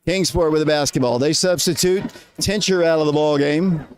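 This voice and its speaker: A high-pitched man calls a basketball game play by play for radio. He talks fast and sounds a little out of breath, climbing higher when shots go up. His voice stays quick and busy through the action. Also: a little hiss or hum. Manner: rapid, rising excitement on big plays.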